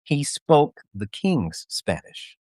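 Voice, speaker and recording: A man co-hosting a casual chat, telling an army story in an animated, profane way with frequent laughter. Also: fairly high pitch, takes it slowly, no room sound, studio quality. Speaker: podcast co-host.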